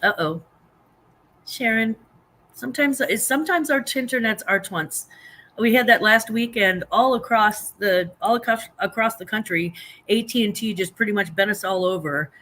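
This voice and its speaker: An American woman who is a guest on a casual livestream, talking loudly and laughing often as she chats. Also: medium pitch, moderate pace. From United States. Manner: loud, laughs often, animated.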